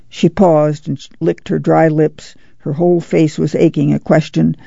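A woman narrating an audiobook in a measured, steady way. Her voice is gravelly and mellow, and it sits close and dry in a dull, lo-fi recording. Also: deep voice, no echo. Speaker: audiobook reader. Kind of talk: scripted narration.

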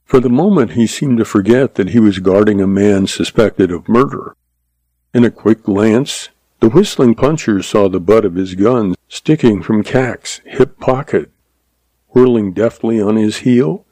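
A man reading a Western novel aloud as narrator in an even, unhurried way. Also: fairly low pitch, no room sound. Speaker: audiobook narrator.

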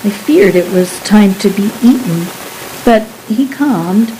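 A woman narrating a story in the first person, slow and hushed with fear. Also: mid-range voice, expressive, a little hiss or hum, rough recording.

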